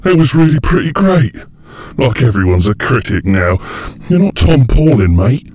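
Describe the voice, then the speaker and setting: A man's voice: medium pitch, sing-song, normal speed, darkish tone. A man doing a smug old flesh-orb demon. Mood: taunting. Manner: smug, taunting.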